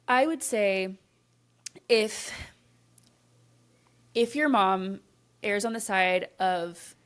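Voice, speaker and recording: A woman co-hosting a podcast, giving earnest, conversational advice in casual chat, often checking in with "right?" and softening her points with "like". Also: mid-range voice. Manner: firm and reassuring when giving advice.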